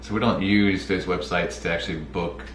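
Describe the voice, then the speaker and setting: Very deep-voiced laid-back man. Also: steady tone, moderate pace, fairly bright tone, faint music behind. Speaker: vlog co-host. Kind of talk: casual chat. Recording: echoey room, faint ambience.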